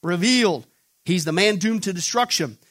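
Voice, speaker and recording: A man's voice: sits high, animated, normal speed, fairly bright tone. A male pastor preaching a sermon, tossing fill-in questions to the congregation and acting out quoted voices with casual jokes.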